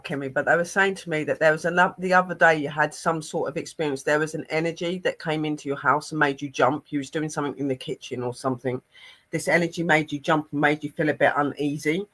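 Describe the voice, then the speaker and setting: A man's voice: on the high side, fairly even intonation, a little fast, pushed and bright. A man working as a psychic medium on a live stream, passing on spirit messages in an earnest, rambling way. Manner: earnest and rambling, many fillers.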